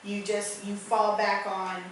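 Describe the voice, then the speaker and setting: A woman's voice: mid-range voice, flat delivery, slow pace. A woman hosting as a psychic medium, giving earnest, emphatic spiritual advice in casual chat. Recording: echoey room, distant mic, faint noise.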